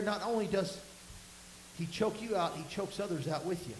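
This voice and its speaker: A man with a drawl preaching a folksy, storytelling sermon to his congregation, with emphatic bursts. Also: sits high. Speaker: pastor. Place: church sanctuary. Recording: echoey room with faint hiss.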